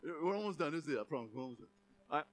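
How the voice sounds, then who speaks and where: A man's voice: on the high side, lively intonation, very fast. A middle-aged man preaching a sermon in a conversational, joking way, full of asides and laughter. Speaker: pastor.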